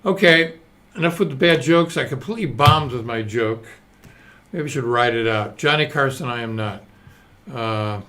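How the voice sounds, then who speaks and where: A man's voice: a little high, a bit bright. A man in his seventies hosting a live stream, talking in a loose, digressive, self-mocking way and swearing now and then. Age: 70s. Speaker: host. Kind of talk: rambling live-stream monologue.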